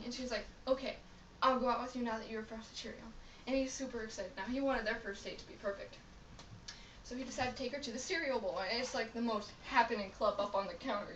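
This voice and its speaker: A woman's voice: a little high, a little fast, a bit bright, a little hiss or hum. A young woman telling a long, rambling joke to friends, in a chatty way with fillers. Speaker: joke teller. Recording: echoey room from far off.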